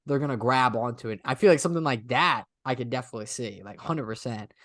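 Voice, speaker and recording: A man co-hosting a casual podcast, talking in an animated, chatty way and laughing often. His voice sits at a middling pitch. The recording is dry and close, with no room echo. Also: quick pace. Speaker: podcast co-host.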